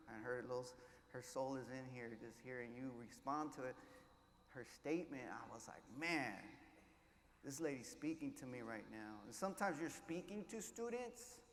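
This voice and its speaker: A man giving an inspirational keynote, telling his story with hushed lows and loud surges, mixing in Spanish words. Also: a little hiss or hum. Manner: passionate, swings between hushed and loud, drops Spanish words. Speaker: keynote speaker. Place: large conference hall. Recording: echoey hall, faint ambience.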